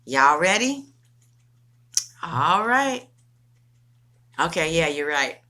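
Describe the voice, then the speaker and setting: A woman's voice: sits low, very animated, extremely slow, bright, forceful tone. A middle-aged woman from California, a tarot reader chatting casually and emphatically to her viewers, swearing freely.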